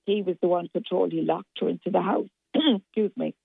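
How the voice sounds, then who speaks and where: A woman's voice: fairly low pitch, fairly quick, creaky, breathy edge, no room sound. Outspoken woman on a phone line. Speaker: radio contributor. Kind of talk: casual radio chat.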